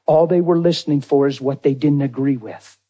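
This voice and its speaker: A man preaching a sermon in a dramatic way, jumping from loud exclamations to hushed low lines. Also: a little fast, highs cut off.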